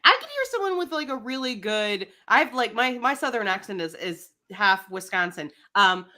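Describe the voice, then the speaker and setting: A woman's voice: mid-range voice, sing-song, normal speed, sharp tone. A woman from the United States co-hosting a podcast, bubbly and giggly in casual chat. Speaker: podcast co-host.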